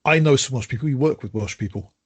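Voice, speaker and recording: Husky older man joking on a podcast. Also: medium pitch, quick pace. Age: older adult. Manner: joking, hesitant, with frequent restarts and laughs. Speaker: podcast co-host. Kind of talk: casual podcast chat.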